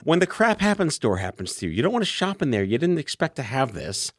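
A man's voice: fairly high pitch, sing-song, fast, no echo, studio quality. A man in his forties hosting a podcast, asking questions in a joking, playful way. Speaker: podcast host. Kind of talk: casual interview chat.

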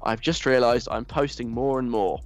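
A man's voice: mid-range voice, moderate pace. A young man hosting a radio show, reading listener messages aloud and answering them in a teasing, mock-stern way. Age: young adult.

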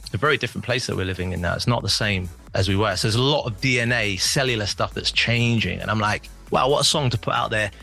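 Brief: quick, bright-toned man, low-ish voice, musing guest in a radio chat, faint music under. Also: creaky. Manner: rambling, reflective, many restarts. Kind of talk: casual interview chat.

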